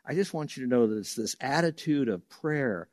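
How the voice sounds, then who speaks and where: A male pastor preaching a sermon in an animated way, acting out quoted voices and laughing now and then. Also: mid-range voice, normal speed, no echo, studio quality.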